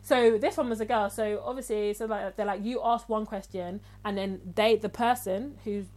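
A woman casually telling a long story on a podcast, animated and rambling, with many restarts. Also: medium pitch, moderate pace. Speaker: podcast co-host.

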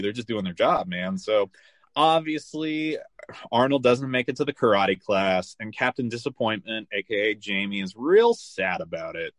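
A man hosting a podcast, recapping a film in loose, animated casual chat full of "like" and the odd swear word. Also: fairly low pitch, normal speed, no room sound. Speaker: podcast host.

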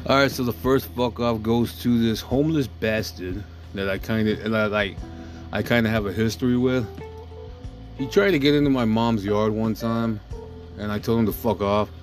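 A podcast host with a lowish voice rants aggressively at a moderate pace, swearing constantly. He keeps asking "you know what I'm saying" over and over in this profane monologue, with soft music in the background.

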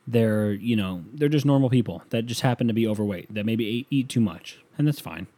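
A man's voice: lowish voice, fairly quick, dark tone. A man delivering a profane, sarcastic comedic rant as a solo monologue.

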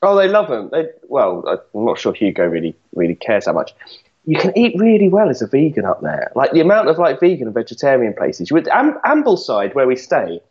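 Male co-host, jokey and teasing, expressive pitch, slightly dull lo-fi sound. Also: a little fast. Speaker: podcast co-host. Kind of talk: casual chat.

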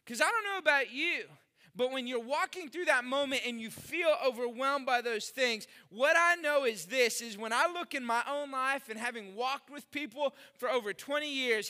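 A middle-aged man preaching a sermon as a pastor, his voice pitched high and ringing with a sharp, forceful brightness. He speaks with animation and slips into the voices of the people in the story as he reads.

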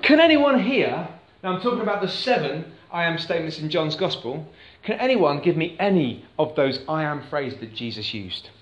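A man gives a sermon in a church, talking conversationally and putting questions to the congregation. His voice sits a little high. The room around him is echoey. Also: big pitch swings, moderate pace, dull audio. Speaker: pastor. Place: church hall.

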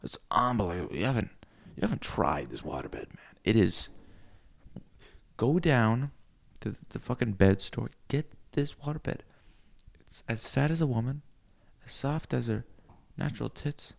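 A man rambling through a crude comic monologue, cursing freely and swinging into loud rants. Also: mid-range voice, unhurried, gravelly.

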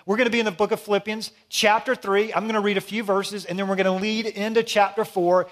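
A middle-aged man preaching a sermon, swinging between loud emphatic lines and hushed, quiet ones. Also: sits high, little pitch movement, fast talker. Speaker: pastor.

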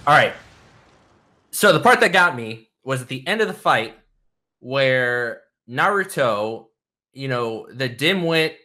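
A man's voice: medium pitch, pushed and bright. A man in casual chat, retelling an anime scene in a rambling, enthusiastic way with lots of fillers.

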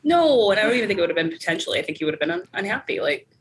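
A woman's voice: medium pitch, very animated, racing, poor audio. A woman co-hosting a casual podcast chat, talking loosely with lots of fillers. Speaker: podcast co-host.

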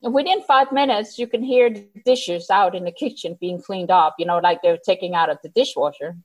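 A woman casually telling a personal story out loud, animated, laughing often and acting out the lines she quotes. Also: fairly low pitch, brisk, poor audio. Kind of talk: casual spoken anecdote.

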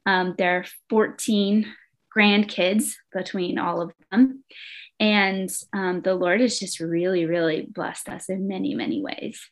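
A woman recounting her own story as a podcast guest. She speaks earnestly and from the heart, in a casual, conversational flow with a voice of middling pitch. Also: fairly even intonation, measured pace. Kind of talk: personal testimony in conversation.

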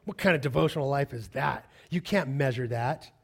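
A man preaching a sermon, speaking conversationally and moving between soft, hushed passages and raised, emphatic lines. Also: medium pitch, normal speed, gravelly, slightly rough. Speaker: pastor.

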